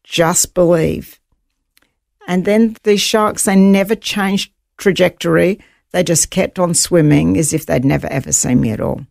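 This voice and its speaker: A woman's voice: fairly low pitch, normal speed, vocal fry, darkish tone, dry recording, clean studio sound. A woman guest in an interview, earnestly telling a personal story and voicing her own thoughts aloud.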